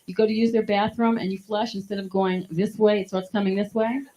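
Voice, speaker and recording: A woman's voice: medium pitch, little pitch movement, fairly quick, mellow. A woman doing a stand-up comedy set, punchy and laughing at her own jokes. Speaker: stand-up comic. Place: live comedy stage. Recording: dull lo-fi live recording.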